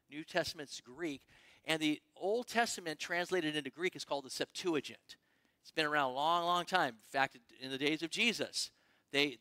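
Male pastor, conversational sermon delivery, slightly high and bright, emphatic with restarts. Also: no echo. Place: church sanctuary.

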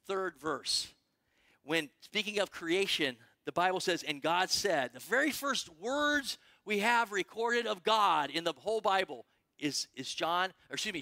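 Male pastor, conversational sermon delivery, slightly high and bright, emphatic with restarts. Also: no room sound. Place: church sanctuary.

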